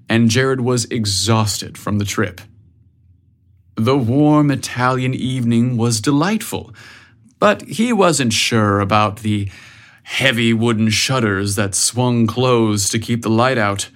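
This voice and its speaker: A man narrating an audiobook story in a measured, even way. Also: medium pitch.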